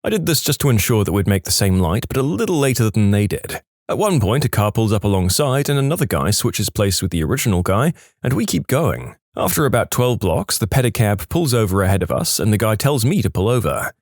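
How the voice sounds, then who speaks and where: A man narrating online stories in an expressive, scripted storytelling manner. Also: lowish voice, brisk, dry recording, studio quality.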